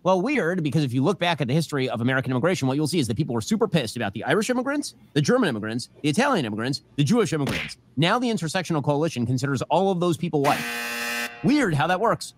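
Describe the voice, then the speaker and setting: Man, political commentator, fast, sarcastic, very animated pitch, faint hiss. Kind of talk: opinionated commentary.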